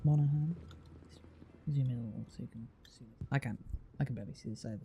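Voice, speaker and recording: This is a British man on a live stream, easygoing and a little distracted as he reads place names and answers his chat. His voice is deeply gravelly with a dark, mellow tone. Faint music plays behind him. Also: fast. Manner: reads place names aloud while chatting with viewers, swears casually.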